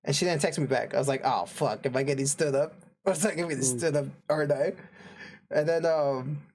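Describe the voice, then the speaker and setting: A man's voice: fairly high pitch, a little fast, darkish tone. A young man casually telling a story on a podcast, rambling with lots of fillers and laughing often. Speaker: podcast co-host.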